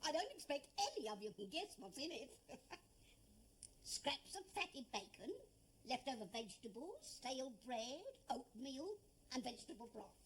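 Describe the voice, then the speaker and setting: An actress playing a bossy middle-aged cook in a period television drama. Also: female voice, high-pitched, very animated, normal speed, a little hiss or hum. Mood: brisk.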